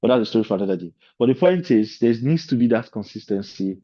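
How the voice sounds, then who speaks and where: This animated man talks fast in a mid-range voice, giving an informal leadership-course lecture peppered with loose asides. The recording quality is slightly dull and lo-fi.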